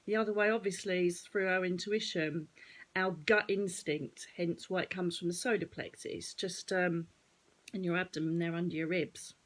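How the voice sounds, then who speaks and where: A woman with an Essex accent, a psychic medium hosting her own channel, giving chatty spiritual advice straight to her viewers with a slightly croaky voice. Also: fairly low pitch, steady tone, moderate pace. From Essex, England. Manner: chatty, digressing, addresses viewers directly. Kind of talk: casual spiritual advice talk to camera.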